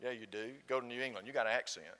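A man's voice: medium pitch, steady tone, racing, bright, forceful tone. A man with a Southern accent from Alabama, preaching a sermon and telling a story, asking the congregation questions. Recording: long hall reverb.

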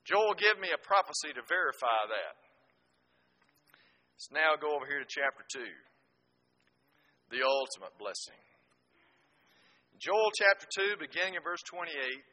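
A middle-aged man preaching a sermon, swinging from booming emphasis to slow, hushed scripture reading.

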